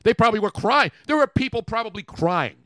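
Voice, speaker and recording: An older man hosting a radio show, telling stories in gruff banter that sometimes sinks to a mumble. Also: sits high, expressive, a little fast, fairly bright tone, no room sound. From Philadelphia. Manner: gruff, storytelling, drops to a mumble. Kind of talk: casual studio banter.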